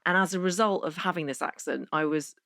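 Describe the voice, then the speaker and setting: A woman from Northern Ireland hosting a podcast interview, well-spoken and reflective, asking questions in a measured way. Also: on the low side, vocal fry, a bit bright, no echo, clean studio sound. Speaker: podcast host.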